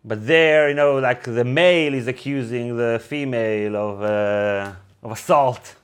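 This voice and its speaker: A man's voice: medium pitch, a little slow, smooth. A man co-hosting a casual book discussion, talking enthusiastically with many fillers and reading passages aloud.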